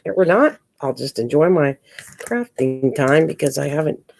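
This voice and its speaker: A woman's voice: low-pitched, animated, normal speed, creaky, a little mellow. An older woman hosting a casual live stream from home while crafting, chatting with viewers and calling them pet names.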